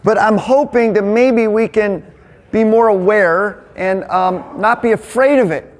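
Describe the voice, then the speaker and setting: A man leading a men's Bible study, teaching in a casual, energetic, conversational way. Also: high-pitched. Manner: energetic, conversational, quick asides. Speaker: men's ministry leader.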